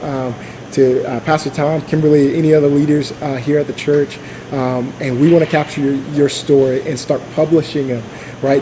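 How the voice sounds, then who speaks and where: A man's voice: a little high, noisy background. A man giving an informal sermon at church, speaking casually with many fillers, restarts and asides. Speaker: church leader.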